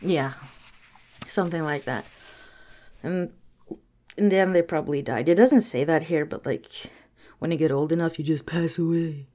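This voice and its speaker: A woman's voice: sits low, normal speed, long pauses, warm tone. A young woman retelling a bedtime story casually, rambling and sarcastic with lots of fillers.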